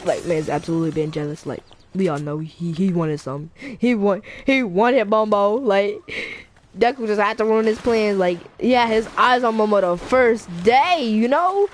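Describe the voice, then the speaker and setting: A woman's voice: mid-range voice, moderate pace. A woman casually telling a made-up fan story, rambling and slangy. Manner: rambling, slangy, laughs, restarts. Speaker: YouTuber.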